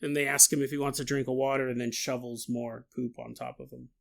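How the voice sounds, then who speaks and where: A man hosting a podcast, retelling a story in a casual, animated way with joking asides. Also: medium pitch, brisk, creaky. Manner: animated, jokey, laughs at own asides. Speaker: podcast host.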